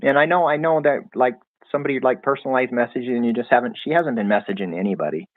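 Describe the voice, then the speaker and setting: A man's voice: medium pitch, fast talker, no room sound. A man co-hosting a live stream, teasing and encouraging in casual chat, heard over a call. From United States. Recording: tinny phone-like call audio.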